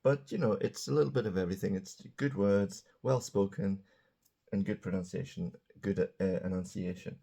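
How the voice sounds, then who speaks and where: A man teaching English grammar in a casual, chatty way, drawing out example words slowly and dropping joking asides, beside a small whiteboard indoors. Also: low voice, fairly even intonation, gravelly, warm tone. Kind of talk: casual grammar lesson to camera.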